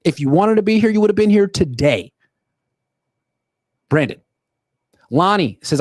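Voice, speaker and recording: Young guy sports host ranting, pitch all over, dry close mic. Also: no echo. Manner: animated, ranting, quick bursts with lots of pitch jumps. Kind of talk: solo livestream commentary.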